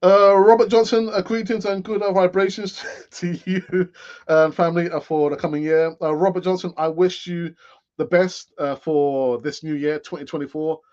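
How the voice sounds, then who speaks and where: A man's voice: high-pitched, fairly even intonation, normal speed, a little mellow, highs cut off. Chatty man in his late fifties. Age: late 50s. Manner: rambling, chatty, with frequent fillers and restarts. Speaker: football fan channel host. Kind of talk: live-stream chat commentary.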